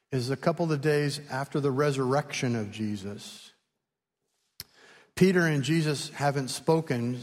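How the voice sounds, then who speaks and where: A man preaching a sermon, retelling a story with lively, animated delivery and acted-out voices. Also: fairly high pitch, long reverb tail. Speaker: pastor.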